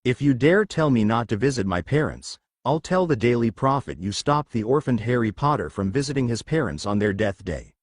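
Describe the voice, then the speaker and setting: A man's voice: medium pitch, big pitch swings, a little fast, few pauses, dry recording. A man reading the lines of a distraught grieving schoolboy wizard, tearful and apologetic. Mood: defiant.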